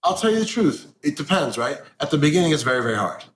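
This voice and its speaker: A man's voice: fairly high pitch, big pitch swings, fast, a bit bright, slight background noise. A man speaking bluntly and with a lot of swearing in a candid interview, talking animatedly.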